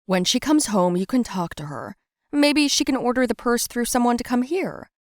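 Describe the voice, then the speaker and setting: A woman voicing a patient mother who calmly reasons with and coaxes an upset daughter. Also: a little high, moderate pace, no echo, clean studio sound, pitched above the performer's own voice, close to an everyday voice. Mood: soothing. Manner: calm, coaxing, reasoning.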